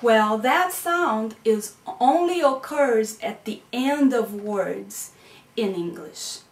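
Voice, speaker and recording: A woman's voice: on the high side, animated, slow. A woman lecturer explaining concepts patiently, often checking in with "okay?" and "right?". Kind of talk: recorded classroom lecture. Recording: echoey room, mic at a distance.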